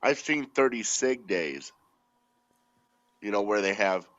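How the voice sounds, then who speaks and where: Low-voiced man, dull dry recording. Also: expressive, slow, a bit bright, no room sound. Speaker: podcast co-host. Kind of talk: casual chat.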